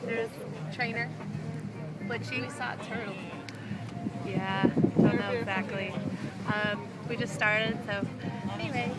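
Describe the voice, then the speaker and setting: A woman's voice: medium pitch, steady tone, takes it slowly, long pauses. A woman chatting casually and giggling as she films a travel vlog outdoors and in transit. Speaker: vlogger. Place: outdoors and in transit, plane, car, boat. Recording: loud wind and engine noise.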